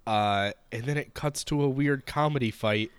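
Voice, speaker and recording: A man's voice: mid-range voice, moderate pace, smooth, no room sound, studio quality. Wry man in casual chat. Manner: wry, sarcastic asides. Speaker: podcast co-host.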